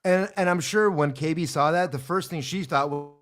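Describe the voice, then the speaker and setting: A man riffing in animated, rambling jokes with sound effects in a casual podcast chat. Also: on the high side, moderate pace.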